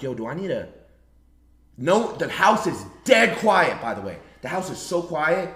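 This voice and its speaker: A young adult man, a streamer, telling a story in a casual, animated way, full of slang and cursing. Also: mid-range voice. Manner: animated, slangy, swears freely. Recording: roomy echo.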